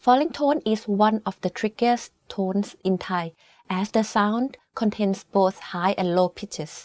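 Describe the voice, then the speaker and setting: A woman teaching a language lesson, explaining each tone clearly and slowly demonstrating example words. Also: mid-range voice, a little mellow, no room sound. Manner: clear, slow demonstrations of tones.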